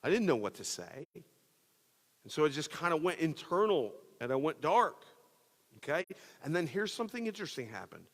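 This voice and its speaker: A man's voice: on the high side, big pitch swings, moderate pace. Man preaching in a reverberant church hall. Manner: personal storytelling, conversational with many fillers. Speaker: pastor. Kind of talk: sermon. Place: church auditorium.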